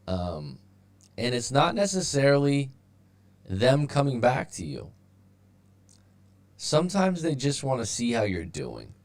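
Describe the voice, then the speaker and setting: A man's voice: mid-range voice, a little mellow. A man hosting a live stream as a breakup coach, talking casually with lots of fillers and restarts, his audio turning robotic at times. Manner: rambling, with many fillers and restarts.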